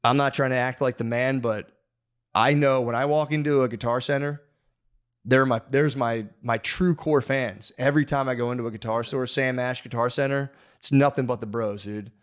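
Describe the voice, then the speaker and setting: A man's voice: medium pitch, fairly even intonation, moderate pace, clear, resonant tone. A man hosting a comedy podcast, telling a long profane story as a rambling, mock-aggressive rant full of restarts and asides. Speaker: podcast host. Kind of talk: comedic ranting monologue.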